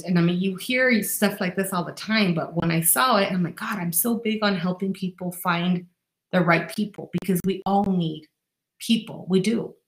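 A woman's voice: medium pitch, echoey room, low-quality recording. A woman life coach giving an earnest, direct motivational podcast monologue, speaking straight to the listener.

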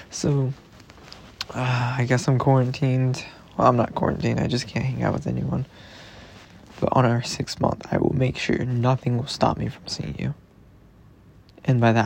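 A young man talking tenderly and rambling to his girlfriend in a personal podcast, sometimes dropping into soft whispers. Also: medium pitch, measured pace, gravelly, pauses often, slight background noise. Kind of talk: intimate personal voice message.

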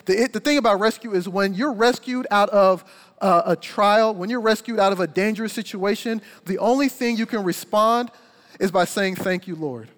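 Young male preacher, sermon, high voice, energetic storytelling, long hall reverb. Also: normal speed.

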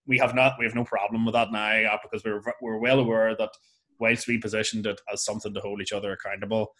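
A man with a Lurgan accent from Northern Ireland hosting a casual podcast conversation, talking in a blunt, candid and animated way. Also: lowish voice, fast talker. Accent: Northern Irish, Lurgan. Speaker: podcast host.

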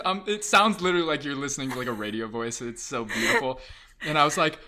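Bright, lively man telling a story. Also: a little high, fast talker. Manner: excitable, self-mocking, acts out voices. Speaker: podcast guest. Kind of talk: animated storytelling in casual chat.

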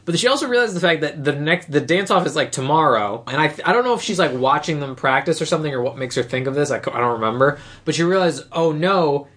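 A woman's voice: sits low, expressive, quick pace, few pauses, fairly bright tone. A woman co-hosting a casual podcast, recapping a movie in a rambling way and acting out the characters' lines. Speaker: podcast co-host.

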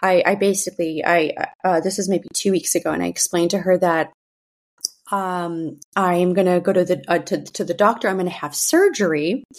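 A woman's voice: on the low side, normal speed. A woman in her thirties hosting a podcast, talking candidly about her family with frequent restarts and fillers. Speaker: podcast host. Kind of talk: personal monologue.

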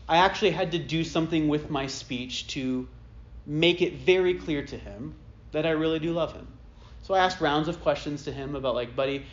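Chatty preacher man, lo-fi recording. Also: medium pitch. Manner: conversational, self-deprecating storytelling with frequent "like" and "right?". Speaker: pastor. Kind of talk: sermon. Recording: dull lo-fi sermon recording.

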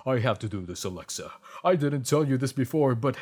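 A man's voice: medium pitch, animated, brisk, a little mellow, lightly acted. A man voicing a stern, self-sacrificing doctor who speaks in stiff, heroic declarations. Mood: solemn.

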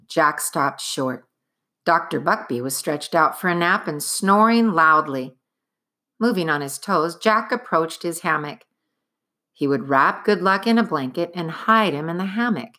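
A woman narrating a chapter book aloud in an expressive, dramatic storytelling manner. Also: sits low.

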